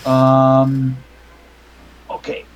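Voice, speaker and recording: A man's voice: mid-range voice, wildly swooping pitch, very slow, rough recording. A man narrating as game master over a call, rambling with restarts and casual swearing. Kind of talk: narrating a tabletop horror game.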